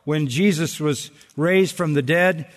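A man's voice: on the high side, takes it slowly. Earnest male preacher in a reverberant hall. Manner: earnest expository preaching with emphatic repetition. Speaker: pastor. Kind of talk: sermon.

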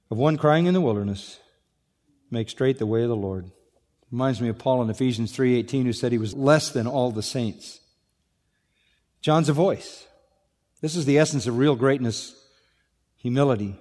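A man preaching an expository sermon, moving between quiet intensity and raised, emphatic delivery. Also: medium pitch, normal speed. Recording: long reverb of a large hall.

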